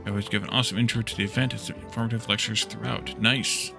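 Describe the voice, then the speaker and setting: A man's voice: fairly low pitch, fast, creaky, over music. A man streaming a building game, thinking aloud as he crafts and chatting back with his viewers. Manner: relaxed, thinks aloud while crafting, reads and answers chat. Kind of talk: casual gameplay stream chat.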